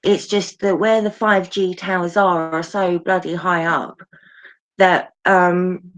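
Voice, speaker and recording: A woman guest in a casual live chat, describing things in a reflective, drawn-out way over a video call. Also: fairly low pitch, steady tone, fairly bright tone.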